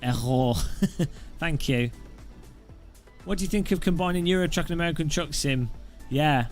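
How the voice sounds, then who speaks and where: A man's voice: fairly high pitch, normal speed, soft background music. Rambling man on a live stream. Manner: rambling, with frequent fillers and trailing asides. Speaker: live streamer answering chat questions. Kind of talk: casual live-stream chat. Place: home streaming setup with several webcams.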